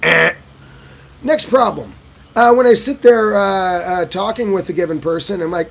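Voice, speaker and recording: Casting: gravelly, husky guy, high-set voice, lively casual advice vlog. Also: normal speed. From United States. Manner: animated, swearing, acting out dialogues with lively shifts in pitch and pace. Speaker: vlogger giving advice on living in Vietnam. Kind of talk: casual Q&A monologue.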